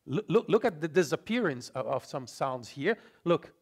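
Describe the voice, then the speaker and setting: A man's voice: fairly high pitch, very animated, moderate pace, few pauses. A man from Brazil with a Brazilian Portuguese accent, presenting a language talk in English to an audience and often checking in with "okay?". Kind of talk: conference talk explaining slides. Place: lecture room.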